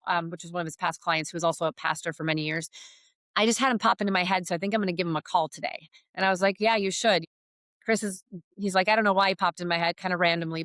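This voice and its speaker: A woman's voice: lowish voice, a bit bright, dry recording. A middle-aged woman giving a heartfelt faith testimony as a podcast guest, telling her story earnestly.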